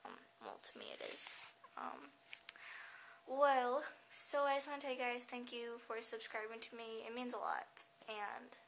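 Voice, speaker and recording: A woman's voice: a little high, big pitch swings, normal speed, gravelly, a bit bright, slight background noise, rough recording. A teenage girl chatting casually in a home vlog, losing her voice and often dropping into a whisper, rambling with lots of fillers. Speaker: vlogger. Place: at home, indoors.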